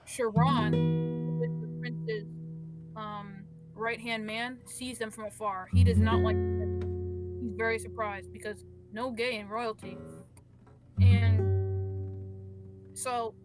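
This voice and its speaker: Rambling woman, loud guitar behind. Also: on the high side, steady tone, takes it slowly, long pauses. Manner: rambling, with frequent restarts and asides. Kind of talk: improvised storytelling in casual chat. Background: guitar music.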